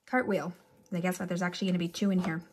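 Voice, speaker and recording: A woman teacher giving a relaxed, chatty remote lesson to children, with animated examples and little asides. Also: on the low side, fast talker, slight background noise.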